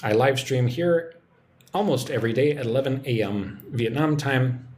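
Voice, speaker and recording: A man giving a live-streamed English lesson, relaxed and chatty as he reads out viewer comments. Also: medium pitch, normal speed. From United States. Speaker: English teacher.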